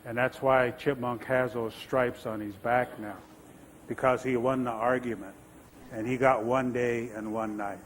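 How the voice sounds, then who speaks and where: A Nez Perce man from the US Pacific Northwest telling creation legends in a relaxed, conversational way at a stage microphone. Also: medium pitch, a little slow, slight background noise, poor audio. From Nez Perce homeland, US Pacific Northwest. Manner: relaxed, conversational, asides to listeners. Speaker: tribal storyteller. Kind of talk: oral storytelling.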